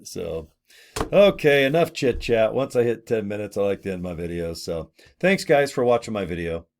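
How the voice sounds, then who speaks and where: Man nearing sixty, slightly low voice, folksy, blunt, rambling sales chat to camera. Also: lively intonation, moderate pace. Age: 50s. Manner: folksy and blunt, mild swearing, rambling asides. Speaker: network marketing affiliate.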